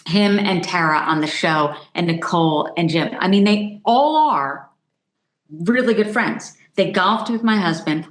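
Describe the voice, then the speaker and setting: Middle-aged woman journalist guest, lively anecdotal delivery, lowish voice, roomy echo. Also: unhurried. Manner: animated storytelling, acts out quoted voices. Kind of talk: conversational podcast interview.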